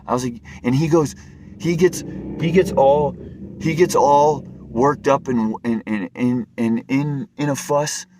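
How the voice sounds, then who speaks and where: A man's voice: mid-range voice, measured pace, background noise. A man telling a personal story to camera in an earnest, rambling way, often stumbling and repeating his words. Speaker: vlogger.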